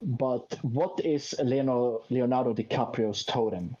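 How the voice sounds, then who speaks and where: A man's voice: mid-range voice, a little slow, dark tone. A man in a casual chat who explains his point insistently, step by step, recorded on a dull lo-fi mic. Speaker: co-host.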